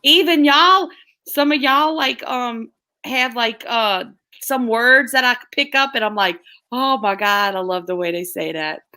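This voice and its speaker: A woman's voice: a little high, measured pace, bright, forceful tone. A woman chatting casually on a livestream, laughing often and acting out what she said. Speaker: livestream guest. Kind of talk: casual chat.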